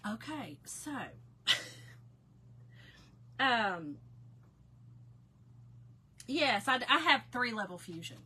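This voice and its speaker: A woman hosting a casual livestream, telling a story to her viewers in an animated way and often breaking into laughter. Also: fairly high pitch, drawn-out words, long pauses, background noise. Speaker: livestream host.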